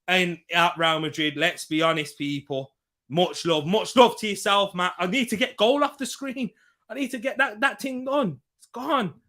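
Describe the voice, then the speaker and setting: A man hosting a football watchalong, giving live commentary and reacting excitedly while reading out viewer comments from a room at home. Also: a little high.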